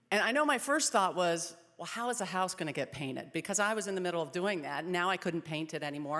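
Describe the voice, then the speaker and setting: A woman in her thirties giving an earnest personal testimony as a speaker at a pregnancy center event. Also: lowish voice. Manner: earnest storytelling, softening in sad moments. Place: event hall. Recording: long reverb of a hall.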